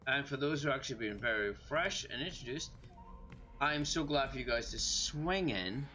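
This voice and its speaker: A man's voice: mid-range voice, animated, normal speed, pushed and bright, muffled recording. A man with a Scottish accent streaming a game, tipsy from drinking, talking in a rambling, self-deprecating way. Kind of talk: casual gaming stream chat.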